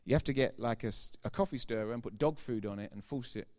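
A man's voice: medium pitch, fast, darkish tone. A middle-aged man preaching a sermon, emphatic and informal, repeating key phrases for effect and throwing chatty asides to the congregation. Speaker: pastor.

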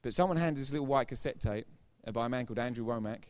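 A man's voice: mid-range voice, racing. Man preaching his personal testimony. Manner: retells dialogue with repeated "I said, he said"; grows loud and emphatic when preaching. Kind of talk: sermon testimony.

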